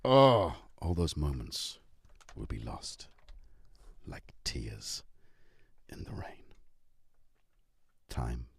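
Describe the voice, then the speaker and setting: A weary android man near his end speaks in a deep, slowed, hushed voice, as a man puts him on. Each word comes grave and heavy, the pitch sunk far below an everyday voice. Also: wildly swooping pitch, gravelly, breathy edge, exaggerated voice. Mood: solemn. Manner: slow, hushed, grave delivery.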